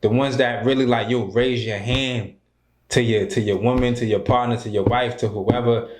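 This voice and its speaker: A man hosting a podcast, telling a story in a loose, animated way with lots of slang and restarts. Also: mid-range voice, moderate pace. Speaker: podcast host. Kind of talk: casual chat. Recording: echoey room.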